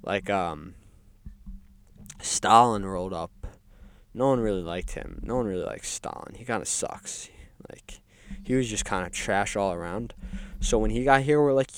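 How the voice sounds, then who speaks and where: A man delivering a rambling, deadpan comedic monologue as a resident of hell, full of ums and offhand asides. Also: fairly low pitch, a little slow, clear, resonant tone, no room sound. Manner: rambling, deadpan, filler-heavy with frequent ums. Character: resident of hell describing its games. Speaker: comedic podcast host.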